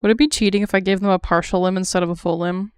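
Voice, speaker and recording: A woman's voice: fairly low pitch, fairly even intonation, rapid-fire, a little mellow, clear, resonant tone, no echo, clean studio sound. A young woman art streamer chatting casually while she draws, thinking aloud with lots of fillers and little laughs.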